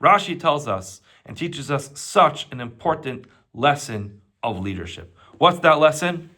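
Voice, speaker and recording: A man teaching a Torah lesson as a rabbi, asking and answering his own questions in a lively teaching manner. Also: fairly high pitch, measured pace.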